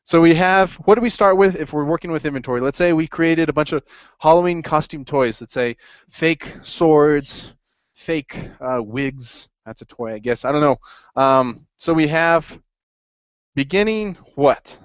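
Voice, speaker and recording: A man teaching an accounting class in a lively classroom lecture, quizzing students as he goes. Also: fairly high pitch, a little slow, no echo. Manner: upbeat, asks the class questions. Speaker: accounting instructor. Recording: dry, dull lo-fi classroom recording.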